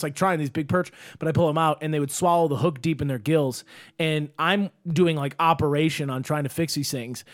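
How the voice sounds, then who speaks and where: A young man hosting a podcast, telling animated stories with lots of swearing and acted-out quotes. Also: on the high side, no echo, studio quality. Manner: animated storyteller, swears freely, acts out quotes. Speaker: podcast host. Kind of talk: casual chat.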